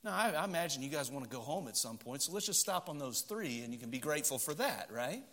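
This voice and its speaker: A middle-aged man delivers a storytelling sermon from the pulpit of a church. His voice sits high and bright. He moves between loud, emphatic passages and soft, low asides. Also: very animated, fast talker. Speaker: pastor. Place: church sanctuary.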